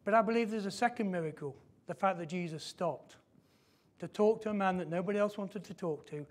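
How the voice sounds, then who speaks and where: Preaching a sermon in church, a man with a high-pitched voice speaks with emphasis. He repeats his key phrases and slows down whenever he wants a point to land.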